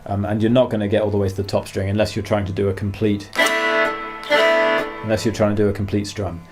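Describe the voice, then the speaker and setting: Calm low-voiced man teaching guitar. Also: fast talker. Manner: calm, explains while demonstrating, counts beats aloud. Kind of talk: masterclass instruction. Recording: faint guitar music behind. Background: guitar playing.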